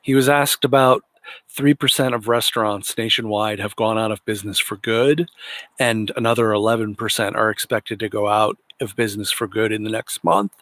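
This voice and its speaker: A man's voice: on the low side, fairly even intonation, moderate pace, a bit bright, no room sound. A man hosting a political commentary livestream, talking in an indignant, sarcastic way. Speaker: livestream host.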